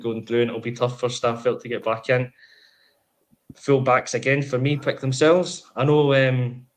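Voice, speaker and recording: A man, co-hosting a casual football podcast, chatty and opinionated. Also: medium pitch. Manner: chatty, opinionated, fast-flowing. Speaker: podcast co-host.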